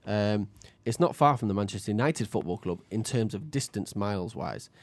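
A man's voice: fairly low pitch, lively intonation, moderate pace, no room sound. A man hosting a casual chat, playful and teasing, and often laughing.

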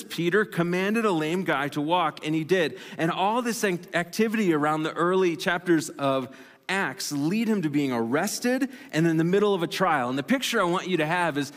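Man preaching in a reverberant hall. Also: on the high side. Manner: conversational and animated, with self-deprecating asides. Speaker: pastor. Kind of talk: sermon. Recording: long reverb of a large hall.

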